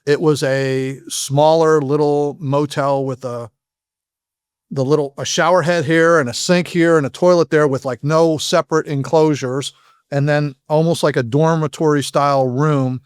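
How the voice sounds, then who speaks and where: The speaker, an ex-FBI agent, has a somewhat high voice that is steady, clear and resonant. He tells candid stories as a podcast guest, halting and restarting frequently, in a dry recording with clean studio sound.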